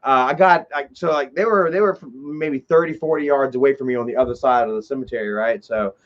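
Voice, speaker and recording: A man telling a long, rambling story on a livestream, swearing freely and filling every pause with "you know" while greeting viewers in chat. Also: mid-range voice. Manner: profane, heavy on fillers like "you know". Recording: dull lo-fi livestream audio.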